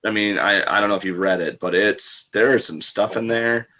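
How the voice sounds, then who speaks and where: A man's voice: on the low side, moderate pace, sharp tone. A man, a book author and podcast guest, talking in a rambling, casual way with many fillers and restarts.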